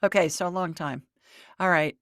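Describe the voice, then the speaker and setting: A woman hosting a live call-in show, chatty and quick to laugh, her pitch jumping up when excited. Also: dry recording, clean studio sound. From Alabama, US South. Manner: chatty, laughs easily, lively swings in pitch. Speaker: host and intuitive reader.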